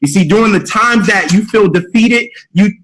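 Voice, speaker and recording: A man's voice: high-pitched, moderate pace, a bit bright, poor audio. A middle-aged man leading a motivational call, preachy and rallying, repeating his key phrases. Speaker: mentorship call leader.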